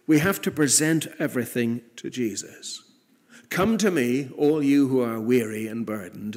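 Male preacher, husky mid-range voice, earnest sermon delivery. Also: mid-range voice. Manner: earnest, rising to emphatic peaks then dropping soft.

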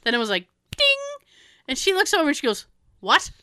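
A woman with a bright, crisp, fairly high voice, recorded close and dry. She chats casually and tells an everyday story, slipping into different voices for the people she quotes. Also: racing, no echo. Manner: animated, acts out dialogue with quoted voices.

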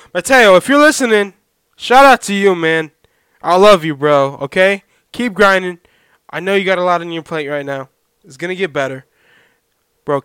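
A man's voice: high voice, clean tone, no room sound. Rambling young man telling a story. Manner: rambling, animated, talks to his dog mid-story. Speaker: podcast host. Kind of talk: casual solo storytelling. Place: home.

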